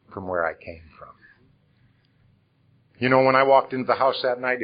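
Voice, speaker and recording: A man's voice: fairly low pitch, lo-fi sound. An older man from Iowa telling his life story to a conference audience, conversational and frank, with rhetorical questions. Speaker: speaker at a recovery conference. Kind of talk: personal testimony talk. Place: conference hall.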